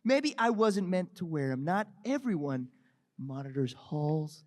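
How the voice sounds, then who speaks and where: A man's voice: fairly high pitch, very animated, unhurried. A man reading a wisecracking, crude antihero mercenary in a live comedic table read at a convention panel. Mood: sarcastic. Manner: crude, sarcastic, swearing. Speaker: voice actor reading Deadpool.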